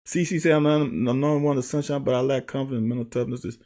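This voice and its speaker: A young man, a former player, casually breaking down game film and telling profane, animated stories with quick laughs. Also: medium pitch. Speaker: football analyst.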